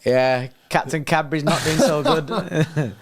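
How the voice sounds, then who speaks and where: A man's voice: fairly high pitch, slow. A young man, co-hosting a football watchalong, blunt and slangy, swearing freely. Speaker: watchalong co-host. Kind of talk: casual football watchalong chat.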